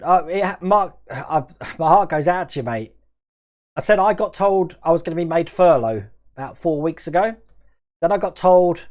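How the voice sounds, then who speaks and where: A man's voice: on the high side, animated, moderate pace, a little mellow. A man hosting a scale modelling livestream, chatting casually and rambling as he reads out viewers' comments and answers them.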